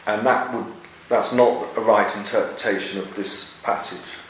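A man leading a Bible study discussion, speaking in a measured, earnest way with frequent pauses. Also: on the low side, steady tone, a bit bright. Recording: echoey room, distant mic, faint hiss.

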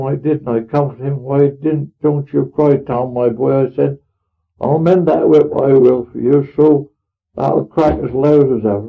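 A man's voice: mid-range voice, vocal fry. A man playing an elderly, pious farmer with a rural Norfolk dialect, telling his tale in a homely, earnest, rambling way. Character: elderly pious rustic farmer, plain-spoken. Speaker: storyteller in character. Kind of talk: dramatic monologue reading. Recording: tinny phone-like old recording.

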